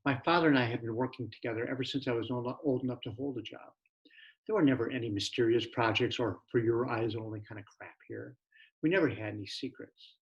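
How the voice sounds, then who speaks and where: A blunt, sarcastic businessman, read by a man with a gravelly, creaky texture. The recording sounds dull and lo-fi. A storybook reading. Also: mid-range voice, fairly quick, natural voice. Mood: irritated. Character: irritated adult male real-estate partner.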